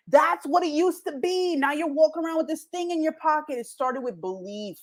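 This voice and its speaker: A woman's voice: high-pitched, a little fast, few pauses. Upbeat woman giving a motivational talk. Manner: animated, jokey, acts out quoted voices. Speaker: podcast host.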